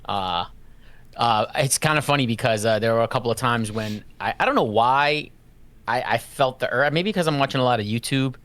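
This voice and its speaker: A man co-hosting a casual gaming podcast, telling relaxed, self-deprecating stories in an easygoing way. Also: medium pitch, normal speed, dry recording. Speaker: podcast co-host.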